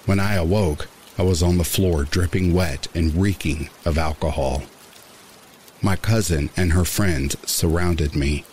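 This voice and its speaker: A man reading a first-person horror story aloud in a measured, somber narration. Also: deep voice, a little mellow, slight background noise. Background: rain sounds.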